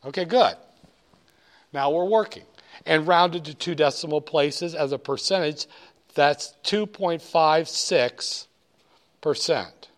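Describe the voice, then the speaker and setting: A man's voice: on the high side, takes it slowly, long pauses. A man lecturing a class on finance, joking and wandering off topic, hammering key points. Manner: joking, digressive, emphatic.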